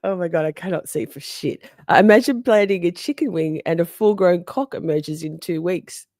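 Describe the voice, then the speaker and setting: A woman's voice: fairly low pitch, normal speed, a little mellow, dry recording, clean studio sound. A woman hosting a casual livestream, chatty and sassy, reading out viewer comments, answering them, laughing often and swearing freely. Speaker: livestream host.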